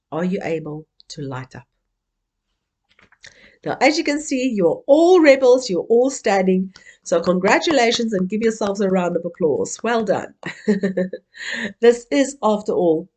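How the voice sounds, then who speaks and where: A woman's voice: mid-range voice, animated, a little slow, long pauses, a little mellow. A woman from Africa, giving an interactive keynote and playfully coaxing the audience to join in. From South Africa. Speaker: keynote speaker.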